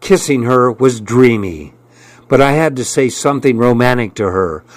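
A man narrating a first-person story as an audiobook, with measured storytelling. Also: medium pitch, expressive, dry recording.

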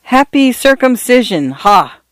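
A man voicing a gentle, chatty older priest in a read-aloud story. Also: very high voice, very animated, measured pace, no echo, voice pushed up, heavily acted. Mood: gossipy. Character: genial older priest, easygoing and gossipy.

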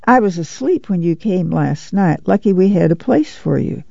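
A man voicing a lean, friendly middle-aged camp manager who talks in a warm, easygoing, chatty way. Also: a little high, steady tone, moderate pace, gravelly, no echo, lo-fi sound.

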